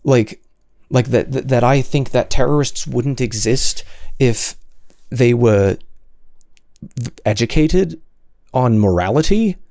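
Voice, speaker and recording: A man's voice: mid-range voice, animated, slow pace, vocal fry, mellow, no room sound, studio quality. A man hosting solo commentary, answering comments in an exasperated, sarcastic way with many stammered restarts.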